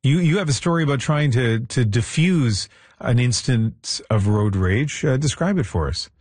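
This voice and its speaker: Man, radio host, brisk, husky voice, dry close studio mic. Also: medium pitch, lively intonation, darkish tone, dry recording. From Canada. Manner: brisk, friendly interviewer, keeps the show moving. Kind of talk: live radio phone-in hosting. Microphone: studio microphone.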